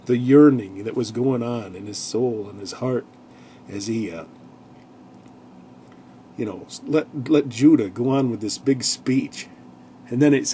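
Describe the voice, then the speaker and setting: Over slight background noise, a man with a mellow, medium-pitched voice muses casually on a Bible chapter. This Bible study speaker rambles, leans on "you know," and acts out quoted lines in sudden bursts.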